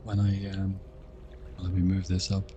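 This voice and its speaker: A man's voice: deep voice, monotone, a little slow, warm tone, dull audio, a little hiss or hum. A man from Ireland with a mild Irish accent, chatting casually with viewers while streaming a game. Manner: laid-back, chatty, thanks viewers. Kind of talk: casual livestream chat while gaming.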